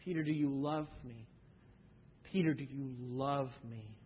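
A man preaching, quoting a gentle, forgiving male teacher in a soft, tender, slow tone. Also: medium pitch, slightly rough, narrow, tinny audio, pitched below the performer's own voice.

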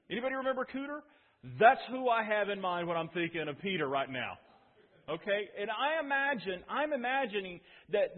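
Husky high-voiced male preacher. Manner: storytelling, emphatic with repeated restarts. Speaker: pastor. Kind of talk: sermon. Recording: tinny phone-like sound.

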